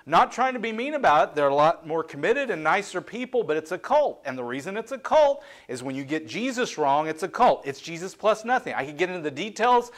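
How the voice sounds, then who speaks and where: A middle-aged man delivers a sermon in a conversational, confessional way. His voice sits notably high for a man, and he rises and falls sharply in pitch and loudness as he admits his own faults to the congregation. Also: brisk, hardly any pauses. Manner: candid, self-deprecating, conversational preaching with lively swings in pitch and volume. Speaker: pastor.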